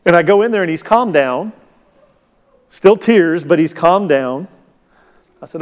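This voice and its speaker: A man's voice: on the high side, moderate pace. A middle-aged man preaching a sermon as pastor, conversational and storytelling. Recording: long hall reverb.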